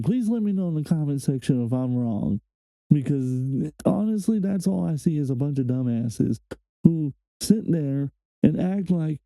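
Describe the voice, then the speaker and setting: A man's voice: a little high, lively intonation, unhurried, warm tone, no echo, rough recording. A man hosting a reaction video, ranting heatedly and swearing often. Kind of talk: casual reaction commentary.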